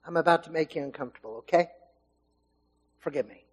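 A man preaching to a church congregation in a high, animated voice. He swings from loud emphasis to hushed asides and acts out the voices of the people in his story. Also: quick pace, long pauses, breathy edge, poor audio. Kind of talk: sermon.

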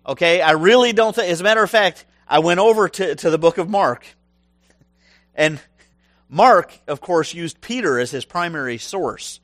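A man preaching a sermon, animated and humorous, acting out voices from the stories he tells. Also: fairly high pitch, normal speed, no room sound, clean studio sound. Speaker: pastor.

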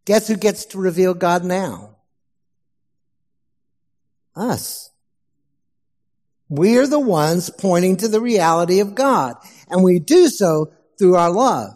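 A man preaching a sermon as pastor, slow and emphatic, asking the congregation questions. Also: high-pitched, a little mellow, big-room sound.

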